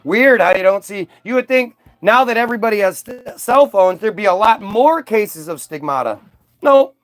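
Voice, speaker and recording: A man's voice: high-pitched, animated, normal speed, fairly bright tone, no echo, faint music behind. A man delivering a profane, sarcastic ranting monologue, mocking as he goes. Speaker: vlogger.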